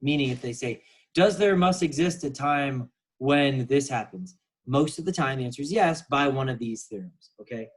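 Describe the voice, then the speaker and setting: A man's voice: medium pitch, animated, moderate pace, poor audio. A man teaching a recorded calculus lesson, explaining casually with many fillers. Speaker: math teacher.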